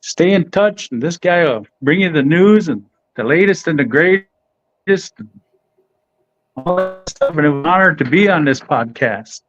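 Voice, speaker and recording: A middle-aged man, a professional boxer, answers interview questions in a relaxed, halting way with frequent restarts. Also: fairly high pitch, soft background music. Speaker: professional boxer, podcast guest. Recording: dull, dry audio.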